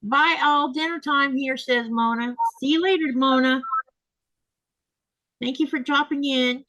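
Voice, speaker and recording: A tired woman hosts a casual live sewing stream, reading viewer comments aloud and answering them in a chatty way. Her voice sits on the higher side, and the recording is dry and close. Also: steady tone, measured pace, bright, forceful tone, dry recording, lo-fi sound. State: tired, keeps yawning.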